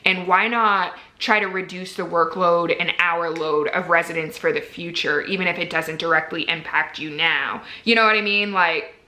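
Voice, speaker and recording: A young woman vlogging about her medical residency, chatty and earnest, filling her sentences with "like". Her voice sits slightly low yet carries a bright, forceful edge. The room around her is noticeably echoey. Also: steady tone, moderate pace. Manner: chatty, frequent "like" fillers, candid and earnest. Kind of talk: casual vlog talk to camera.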